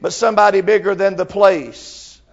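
A man's voice: high voice, steady tone, moderate pace, creaky, lo-fi sound. A man in his fifties preaching a sermon fervently, with frequent filler sounds between phrases.

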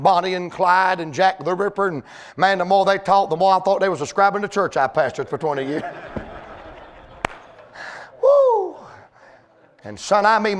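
A pastor preaches in a high, ringing voice. He tells folksy stories, then climbs into shouted lines, stretching out key words. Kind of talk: sermon.

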